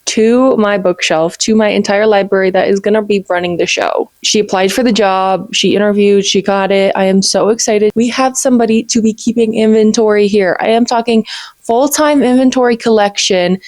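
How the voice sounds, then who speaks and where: A woman's voice: medium pitch, steady tone, normal speed, a little mellow, no room sound. A woman, chatting eagerly to camera as a book vlogger, gushing and peppered with "like". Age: 20s. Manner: bubbly and gushing, many "like"s. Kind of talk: casual chat to camera.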